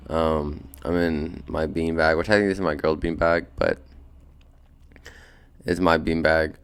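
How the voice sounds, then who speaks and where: A drowsy young man hosts his podcast from a beanbag at home, his deep voice grainy with vocal fry yet smooth and resonant. He rambles in a relaxed, slangy way, swearing casually as his thoughts drift. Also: measured pace. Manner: laid-back, slangy, meandering, cursing. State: sleepy, just woken up. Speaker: podcast host.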